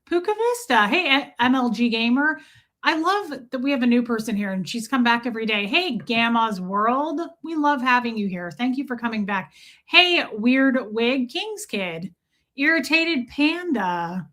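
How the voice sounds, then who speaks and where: Woman streamer, casual, teasing, high-ish voice, live chat host. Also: lively intonation, moderate pace. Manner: chatty, teasing, warm toward chat. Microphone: streaming mic.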